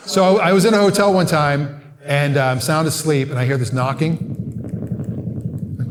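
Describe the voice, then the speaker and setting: A man doing stand-up, his voice sitting a little high as he tells animated stories and jumps into silly voices and squawks. It is a live stage recording with clear audience noise behind him. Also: normal speed, pauses often. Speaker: stand-up comedian. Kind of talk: stand-up comedy set. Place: live comedy venue with audience.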